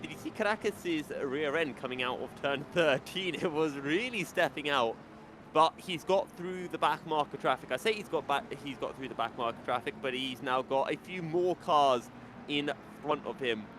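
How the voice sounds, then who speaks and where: A man commentating a sim race, chatty and quick to laugh as he breaks down the running order. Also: on the high side, background noise.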